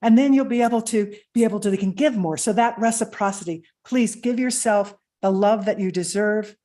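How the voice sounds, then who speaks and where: Mellow woman giving gentle encouragement. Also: medium pitch, a little fast. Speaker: panelist.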